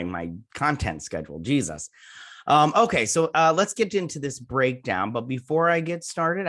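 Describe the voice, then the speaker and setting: A man's voice: mid-range voice, fairly bright tone. A man hosting a casual TV episode review, rambling and chatty with lots of fillers and restarts, talking through a sore throat. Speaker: YouTube TV review host.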